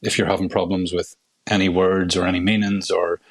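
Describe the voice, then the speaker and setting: A man with a Belfast accent, an actor guest in a casual interview, telling animated stories at a quick clip with many restarts. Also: low voice, no echo. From Belfast, Northern Ireland.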